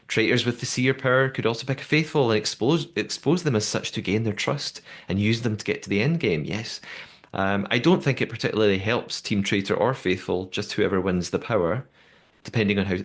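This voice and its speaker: Male co-host, lower register, chatty and self-correcting, casual podcast talk. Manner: chatty, often restarts and repeats words; reads listener messages aloud.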